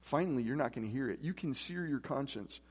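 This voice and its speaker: A pastor speaks quickly and with lively intonation in a mid-range, breathy voice, and the audio sounds dull. He preaches a casual, conversational sermon in an echoey church hall, acting out voices in his stories.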